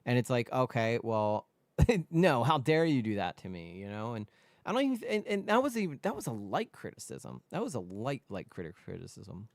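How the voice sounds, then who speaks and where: A man hosting a casual commentary stream, rambling with restarts and sudden animated jumps in pitch. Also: moderate pace, gravelly, no room sound, studio quality. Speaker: host.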